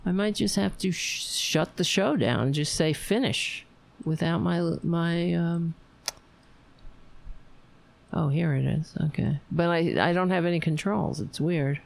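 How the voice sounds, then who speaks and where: An overtired woman hosting a livestream, rambling warmly to her viewers and signing off. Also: on the low side, unhurried, vocal fry. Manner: rambling, emotional, talks to viewers. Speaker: livestream host. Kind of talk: casual late-night livestream sign-off.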